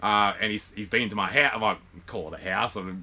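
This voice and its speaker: A young Australian man casually telling a story, acting out the dialogue with lively, animated quoting. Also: on the low side, fast. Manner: animated retelling with quoted dialogue and laughs. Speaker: vlog co-host.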